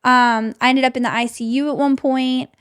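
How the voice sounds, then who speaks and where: Young woman podcast host, kinda high voice, rambly and casual, goes soft and low on the scary parts. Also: steady tone, normal speed, clean tone. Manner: chatty, says "like" constantly, drops to a soft low voice for tense parts. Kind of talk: personal storytelling, casual chat.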